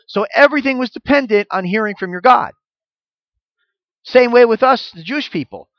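Male preacher, high voice, conversational and emphatic, dull dry lo-fi sound. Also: expressive, moderate pace, no echo. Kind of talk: sermon.

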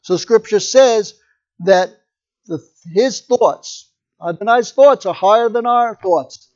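Preacher, male, high voice, chatty storytelling sermon, muffled lo-fi recording. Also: takes it slowly, darkish tone. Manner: storytelling, conversational asides.

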